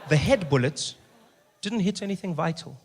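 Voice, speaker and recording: A man from South Africa telling a stand-up comedy story, animated and prone to shouting rants. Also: a little high, moderate pace, noisy background.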